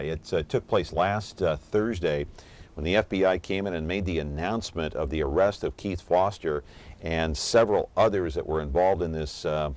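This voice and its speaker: A man hosting a live call-in talk show, moving briskly between callers, breaks and video. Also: deep voice. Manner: brisk, moves the show along.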